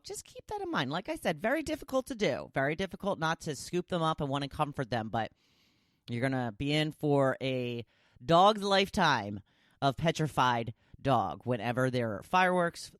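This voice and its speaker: Lively, chatty woman podcast host. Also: dry recording, clean studio sound. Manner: chatty and animated, with big jumps up in pitch. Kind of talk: casual solo podcast talk.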